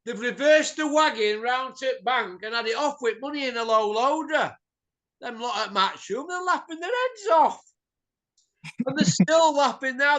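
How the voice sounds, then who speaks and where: A man's voice: very high voice, expressive, moderate pace, sharp tone. A middle-aged man, hosting a boxing show and ranting bluntly, swearing and tossing in tag questions. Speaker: boxing pundit host. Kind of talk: opinionated ranting chat.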